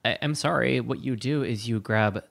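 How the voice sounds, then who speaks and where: A man's voice: mid-range voice, normal speed, vocal fry, fairly bright tone. A man co-hosting a podcast in casual chat, cracking goofy jokes and mock outbursts. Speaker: podcast co-host.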